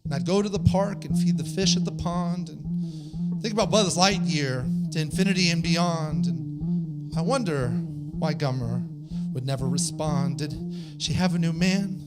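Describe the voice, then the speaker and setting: A man performs comic rap poetry on a small stage, his voice pitched high as he slides between speaking and singing. His delivery stays rhythmic and rhyming, and a live band plays clearly behind him. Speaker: spoken word performer.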